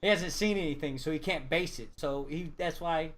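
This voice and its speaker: A man's voice: on the high side, normal speed, a bit bright, slight background noise. A man talking casually as a player in a tabletop game, explaining his thinking at length and swearing freely.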